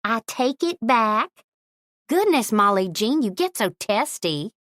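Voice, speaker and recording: Woman doing catty beautician, high and nosy. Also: very animated, slow pace, a bit bright, no room sound, studio quality, exaggerated voice. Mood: flustered. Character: gossipy chain-smoking small-town beautician woman.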